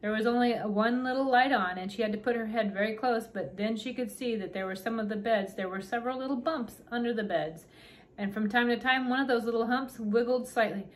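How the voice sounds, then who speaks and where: A middle-aged woman reading a children's book aloud, gently stopping to point out the pictures. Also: a little high, fairly quick.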